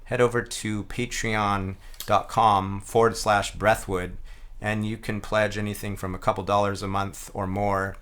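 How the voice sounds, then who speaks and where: Male instructor, lowish voice, thoughtful and easygoing, talks through technique step by step. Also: unhurried. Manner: relaxed, reflective, chanting rhythm syllables aloud. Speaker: didgeridoo teacher. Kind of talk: explaining a playing technique.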